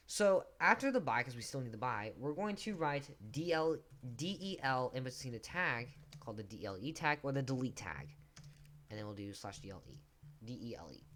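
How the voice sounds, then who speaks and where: A man's voice: medium pitch, fairly bright tone. Man, coding tutorial host, casual and self-deprecating, keyboard clicking behind. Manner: casual, self-deprecating, talks while typing. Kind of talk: screen-recorded coding tutorial. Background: keyboard typing and clicks.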